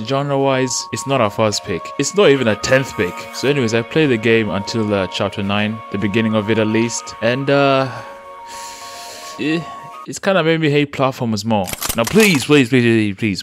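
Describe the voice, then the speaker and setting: A man giving excitable, swearing commentary over gameplay and reviewing the game. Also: medium pitch, normal speed, music in the background. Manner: loud excitable outbursts, swearing. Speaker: gaming YouTuber.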